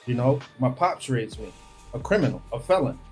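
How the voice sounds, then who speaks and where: A man's voice: mid-range voice, lively intonation, normal speed, a little mellow, faint music behind. A man from Brooklyn, a chef telling stories from his life in blunt, profane street slang. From Brooklyn, New York. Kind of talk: casual storytelling.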